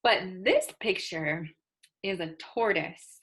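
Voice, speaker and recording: Her voice is medium in pitch, fairly bright, with lively intonation. She's teaching English words to learners, taking a slow, deliberate pace as she carefully models and spells each one.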